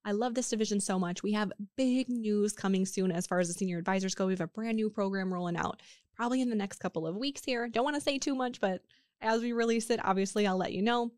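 A woman hosting a podcast, chatting casually and upbeat with fillers, her voice rough from being sick. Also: mid-range voice, fast talker, a little mellow, dry recording, clean studio sound. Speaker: podcast host. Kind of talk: casual promotional podcast talk.

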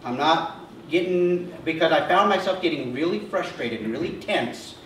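A man with a high voice preaches to his congregation, talking plainly and checking in with a quick "okay?". He sounds set back from the mic, and the church rings with a strong echo under a faint hiss. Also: a bit bright. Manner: conversational preaching, often checks in with a short "okay?". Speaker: pastor. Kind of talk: sermon. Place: church sanctuary. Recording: echoey church sound heard from a distance with faint noise.

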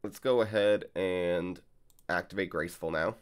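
Low-voiced rambling male gamer. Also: normal speed, smooth. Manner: rambling, chatty, filler-heavy. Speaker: card game channel host. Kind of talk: casual gameplay vlog and commentary. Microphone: desk mic while recording gameplay.

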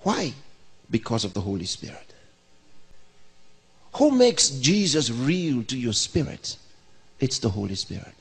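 A man's voice: mid-range voice, sing-song, a little slow, creaky, long pauses, slightly rough. A man in his sixties, a pastor, preaching a sermon by asking questions and answering them himself. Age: 60s. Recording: long reverb of a large hall.

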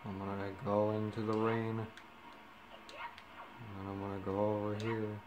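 A man's voice: fairly low pitch, noisy background. A man giving goofy, joking let's-play commentary and talking to the characters on screen. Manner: goofy, jokey, talks to the game characters. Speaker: gameplay commentator. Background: game music.

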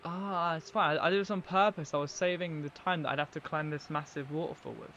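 A man's voice: fairly high pitch, fairly even intonation, fairly quick, pushed and bright, muffled recording, a little hiss or hum. A man live-streaming a game, chatting in a rambling, casual way to his viewers as he plays. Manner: rambling, chatty, talks to viewers while playing.

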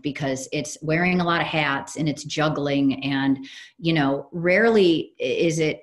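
A woman farmer answering questions in a casual online panel, energetic and self-deprecating, rambling with restarts. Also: sits low.

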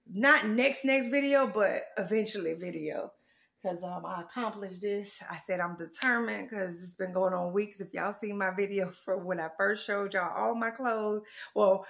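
A woman's voice: medium pitch, creaky. A woman vlogging casually while she works, chatty and exclaiming, a little out of breath. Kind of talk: casual vlog to viewers.

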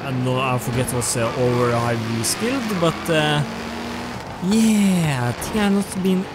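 Halting man commenting on a race game. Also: fairly high pitch, expressive, heavy background noise. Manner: rambling, halting, with frequent restarts and self-talk. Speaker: gaming channel host. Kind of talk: casual racing game commentary. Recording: game music playing over the voice.

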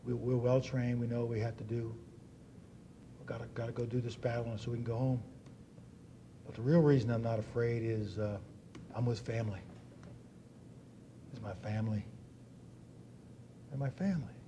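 A man's voice: medium pitch, steady tone, moderate pace, long pauses, noisy background, natural voice. A man quoting a young male private who speaks earnestly and plainly, with small hesitations.

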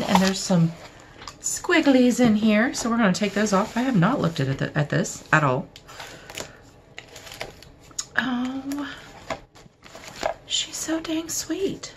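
A woman unboxing beauty products at home, chatting casually and gushing with excitement, now and then dropping to a soft whisper. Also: medium pitch, background noise. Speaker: beauty vlogger unboxing mail.

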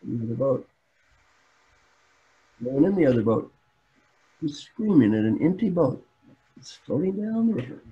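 A man's voice: fairly high pitch, sing-song, normal speed, long pauses, husky. An older man speaking as a coach in a webinar, telling stories in a plain, repetitive way. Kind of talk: webinar talk. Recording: dull webinar audio.

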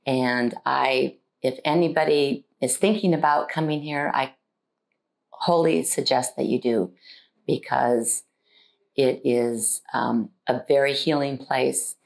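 A woman in her sixties with a very deep, gravelly voice. She gives an earnest, heartfelt patient testimonial and pauses often as she searches for words. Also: low-quality recording. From United States. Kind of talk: personal testimonial.

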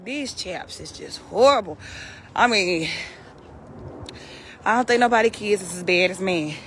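A woman's voice: mid-range voice, lively intonation, a little slow, a little hiss or hum. A woman calling and scolding her farm animals outdoors, as if they were naughty kids. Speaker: vlogger. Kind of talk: casual chat while calling farm animals.

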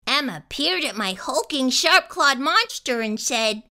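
A woman reading a children's picture book aloud in an expressive storytelling style. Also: high voice, unhurried, hardly any pauses.

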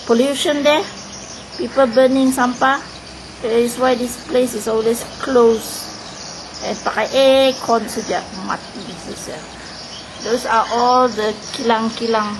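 Slow, chatty Malaysian woman filming home. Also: on the high side, background noise. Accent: Malaysian English. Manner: chatty, mixing English and Malay, laughs at herself. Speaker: vlogger giving a home tour. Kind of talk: casual home video tour. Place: small apartment indoors. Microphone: handheld camera mic. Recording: echoey room on camera mic.

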